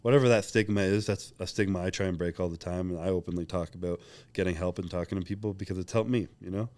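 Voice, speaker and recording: A man's voice: low voice, fairly even intonation, fast talker, a little mellow, no echo. A young man talking openly and reflectively as a podcast guest, rambling with many fillers in casual interview chat.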